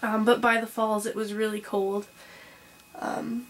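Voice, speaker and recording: A woman's voice: on the high side, level tone, normal speed, creaky, a little hiss or hum. A young woman hosting a casual crochet vlog. She rambles with lots of ums and restarts, a little under the weather with hiccups. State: has hiccups and a cough, taking it slow. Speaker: crochet podcast host.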